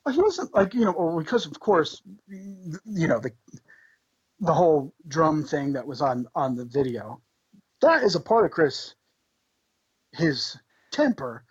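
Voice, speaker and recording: A man, a podcast guest, telling tour stories in an animated, swearing, laughing way. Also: fairly high pitch, unhurried, pauses often, breathy edge, dry recording, lo-fi sound. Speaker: podcast guest, band member. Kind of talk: casual storytelling.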